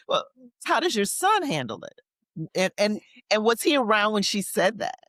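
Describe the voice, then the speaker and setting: A man's voice: high-pitched, big pitch swings, slow, fairly bright tone, dry recording. A man interviewing a guest, asking curious follow-up questions.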